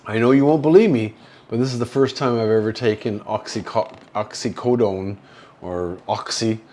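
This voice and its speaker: A man from Canada hosting a casual livestream from a hospital room, rambling slowly with many fillers, drowsy and slurring from painkillers. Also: fairly low pitch, warm tone. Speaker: livestream host. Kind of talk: casual livestream chat reading viewer comments.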